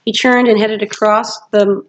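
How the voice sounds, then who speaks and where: A woman's voice: mid-range voice, level tone, measured pace, slight background noise. A woman teacher reading a novel aloud to her class, steadily and with occasional self-corrections. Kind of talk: storybook read-aloud narration.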